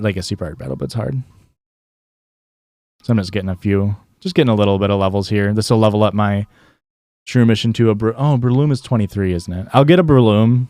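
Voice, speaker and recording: A man's voice: on the low side, a little mellow, dry recording. A young man with a Midwestern accent casually talking through a game stream, rambling with lots of fillers and restarts. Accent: Midwestern American. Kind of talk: casual gameplay commentary.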